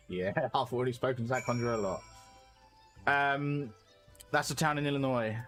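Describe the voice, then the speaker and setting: Chatty game streamer. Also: male voice, medium pitch, normal speed, long pauses, fairly bright tone, soft background music. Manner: musing, self-correcting. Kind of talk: casual chat while playing.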